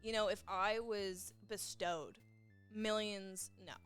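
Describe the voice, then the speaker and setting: A young woman chatting as a guest on a podcast, playful and quick to laugh as she riffs on jokes. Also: medium pitch, fairly even intonation, a bit bright, clean tone, faint music behind. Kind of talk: casual chat.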